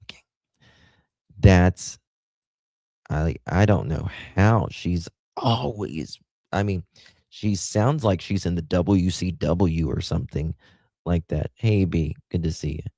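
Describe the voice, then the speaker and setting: A man's voice: low voice, slow, creaky, pauses often, warm tone, no echo. A man hosting a livestream, giving blunt, crude, rambling commentary. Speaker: livestream host.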